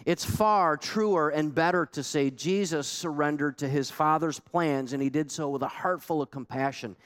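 A man's voice: a little high, moderate pace, a bit bright, clean tone. A man preaching a sermon as pastor, emphatic and conversational, with many rhetorical questions to the congregation.

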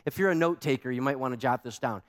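Animated preacher in a reverberant hall. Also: male voice, mid-range voice, fast talker. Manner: animated preaching, rising to emphatic questions. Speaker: pastor. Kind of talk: sermon.

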